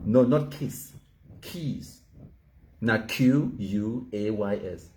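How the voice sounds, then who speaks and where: A man's voice: lowish voice, takes it slowly, darkish tone, slight background noise. A man from Cameroon with a Cameroonian Pidgin English accent, chatting casually as a host in a boastful, mocking way and laughing at his own jokes. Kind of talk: casual banter.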